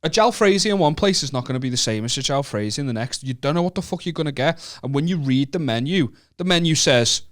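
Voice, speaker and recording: A man's voice: a little high, lively intonation, fast, hardly any pauses, fairly bright tone. A man with a Northern English accent co-hosting a podcast, telling stories in casual, joking, sweary chat. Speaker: podcast co-host.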